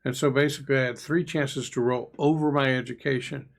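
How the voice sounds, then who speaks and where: A man's voice: mid-range voice, steady tone, fairly quick, gravelly. A man co-hosting a casual game review podcast, chatty and musing, often trailing into asides. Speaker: podcast co-host, player. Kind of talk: casual discussion.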